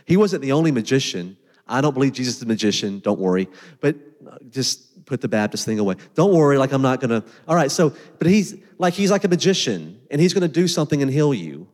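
Conversational preacher in a reverberant church. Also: male voice, medium pitch. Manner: conversational, animated preaching with asides and filler words. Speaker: pastor. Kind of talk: sermon.

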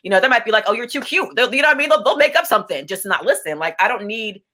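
Young adult woman, interview guest, rapid and bright, blunt and impassioned, lots of restarts. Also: a little high, sing-song. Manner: impassioned, blunt, repeats words when starting sentences. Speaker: interview guest, business owner. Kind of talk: candid conversational interview.

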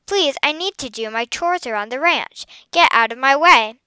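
A woman voicing a bossy, quick-tempered young farm girl in a read-aloud story, sharp and impatient. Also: on the high side, lively intonation, clear, resonant tone, no echo. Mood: angry.

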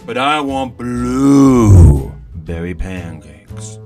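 A man voicing a haughty, pompous woman from the church hierarchy who drags out her words slowly. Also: fairly low pitch, soft background music, natural voice. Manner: slow, drawn-out and affected. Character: posh, pompous woman, a high church official.

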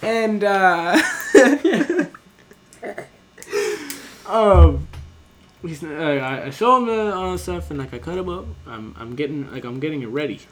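A young man tells a rambling, profane story on a podcast and keeps cracking himself up. His pitch swings widely as he goes. Faint noise sits behind him. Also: lively intonation, normal speed. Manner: laughs often, loose and profane, rambling with fillers. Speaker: podcast co-host telling a work story. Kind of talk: casual storytelling chat.

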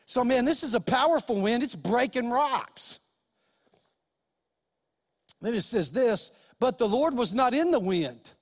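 A man's voice: very high-pitched, lively intonation, unhurried, pauses often, big-room sound. A pastor preaching a sermon, emphatic and speaking straight to his listeners with rhetorical questions.

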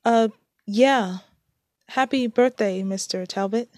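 A woman voicing a nervous, shy young woman who speaks haltingly in a storybook reading. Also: a little high, a little mellow, dry recording, clean studio sound, voice pushed up.

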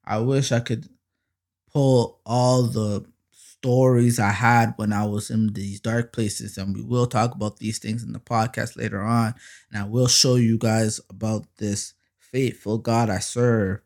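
A man hosting his own faith podcast, talking casually but preaching hard. He uses slang and fillers, and he swells louder and slower on lines of praise. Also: on the low side, level tone. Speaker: podcast host. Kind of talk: faith-based podcast monologue.

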